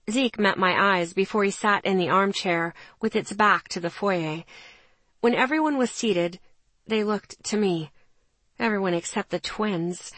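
A woman's voice: medium pitch, a bit bright, dry recording. A woman narrating an audiobook in the first person, in a tense, subdued way on a close studio mic.

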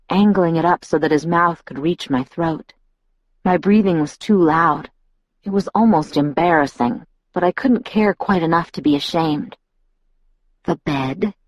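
A woman reading a first-person audiobook with an intimate, breathy delivery. Her voice sits on the low side and sounds dry and close to the mic. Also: no room sound, rough recording. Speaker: audiobook narrator.

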